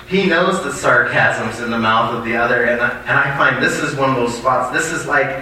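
Male preacher reading scripture with asides, bright voice, far off the mic in a super echoey church. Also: mid-range voice, a little hiss or hum. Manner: reads scripture aloud, breaks off with asides to the congregation. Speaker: pastor. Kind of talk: sermon reading scripture with commentary. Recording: distant mic in a very echoey hall.

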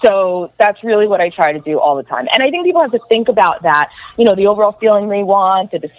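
A woman answering interview questions as an event decor designer, speaking in a measured, practical way. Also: medium pitch, expressive, no echo, narrow, tinny audio.

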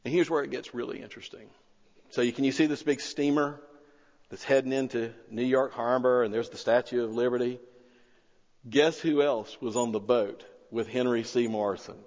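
A man preaching a sermon, telling a story with rising excitement and then pleading quietly and earnestly. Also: medium pitch, normal speed. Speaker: pastor. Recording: long-reverb hall, slightly dull sound.

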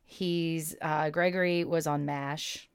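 A woman's voice: low-pitched, fairly even intonation, takes it slowly, clear, resonant tone, no room sound, studio quality. A woman co-hosting a podcast, chatting casually about a movie and rattling off an actor's credits. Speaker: podcast co-host.

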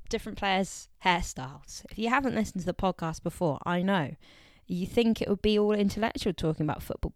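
A woman's voice: medium pitch, no echo, clean studio sound. A young woman, co-hosting a podcast in a chatty, playful way and laughing between remarks. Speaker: podcast co-host. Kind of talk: casual podcast chat about football.

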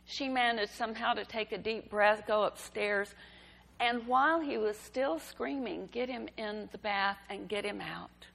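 Slow, gravelly-voiced woman preaching. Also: medium pitch. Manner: slow, gentle storytelling delivery. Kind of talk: sermon. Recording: reverberant hall.

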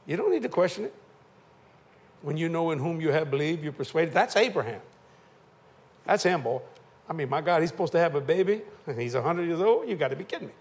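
A man's voice: on the high side, expressive, a little fast, long pauses. Older man, preacher, folksy sermon storytelling, slightly raised voice. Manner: folksy, joking, southern-tinged church talk.

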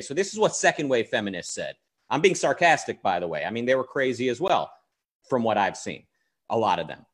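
A man's voice: medium pitch, sing-song, brisk. A man co-hosting a casual philosophical discussion who talks in a discursive way, restarting sentences and qualifying what he says. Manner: discursive, qualifies his statements, frequent restarts. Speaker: co-host.

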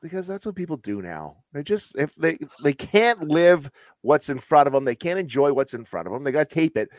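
A man's voice: fairly high pitch, very animated, brisk, no room sound. A man co-hosting a casual chat show, joking and acting out quoted bits. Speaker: podcast co-host.

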